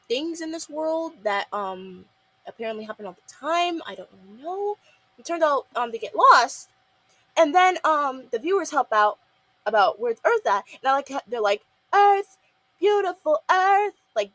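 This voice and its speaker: A woman's voice: high voice, a bit bright, no echo. A young woman casually reviewing a cartoon episode, rambling with lots of fillers and acting out the characters' lines. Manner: rambling, many fillers, acts out quotes. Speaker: show reviewer.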